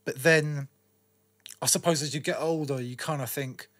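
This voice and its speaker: A man's voice: a little high, normal speed. Laid-back London man telling old stories. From northwest London. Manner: relaxed storytelling with London slang and shout-outs. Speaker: guest DJ and radio presenter. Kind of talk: casual interview chat.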